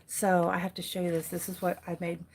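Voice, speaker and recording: A woman in her forties with an American accent, hosting a casual crafting livestream from a dark room at home, chatty and easily distracted, laughing often. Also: fairly low pitch, monotone, fairly quick, slight background noise. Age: 40s. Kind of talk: casual live chat.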